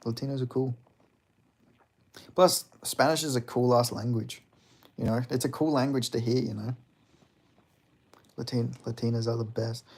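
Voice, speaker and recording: A man's voice: mid-range voice, fairly even intonation, normal speed, long pauses, a little mellow. A young man chatting casually on a livestream, rambling and reading out comments, with lots of fillers and swearing. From Australia. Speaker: streamer.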